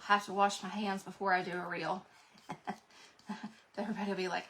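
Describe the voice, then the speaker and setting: A woman with a bright, forward voice talks through a live craft session, rambling to her viewers as she paints. Her speech is loose and conversational, thinking aloud at a middling pitch. A faint hum of noise sits behind her. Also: steady tone, normal speed, vocal fry. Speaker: craft livestream host. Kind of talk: chatty live craft demo.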